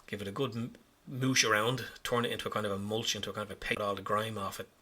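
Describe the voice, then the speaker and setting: A man with a very bright, forceful tone and a husky edge narrates his own hobby work. He rambles along casually and pokes fun at his own mistakes. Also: on the low side, little pitch movement, fast talker. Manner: chatty, self-mocking, rambling. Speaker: hobby vlogger.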